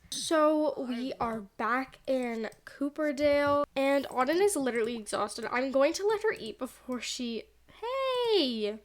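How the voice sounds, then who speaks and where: A young woman chatting through a life-sim let's play, animated and gushing, full of "like" and "oh my gosh". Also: a little high. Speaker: gaming YouTuber. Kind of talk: excited let's play commentary.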